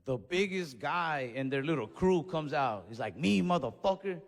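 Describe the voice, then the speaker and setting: Animated comedian on a reverberant stage. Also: male voice, mid-range voice, moderate pace. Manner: animated, acts out voices and yells in his stories. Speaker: stand-up comedian. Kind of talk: stand-up storytelling. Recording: stage mic in a reverberant venue.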